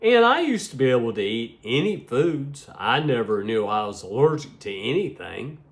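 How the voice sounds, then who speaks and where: A man's voice: medium pitch, big pitch swings, moderate pace. A middle-aged man rambling to his viewers in a casual vlog, sleepy and yawning, often repeating himself. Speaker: vlogger.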